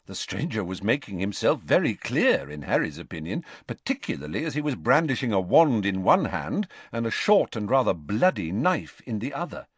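A man narrating an audiobook in a measured, expressive storytelling voice. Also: on the low side, slightly rough, dry recording. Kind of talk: scripted narration.

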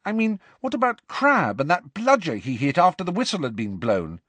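Indignant teenage girl in a storybook, put on by a male reader, pitched high. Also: very animated, moderate pace, a bit bright, slightly rough, no echo, full character voice. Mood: upset. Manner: raised, indignant.

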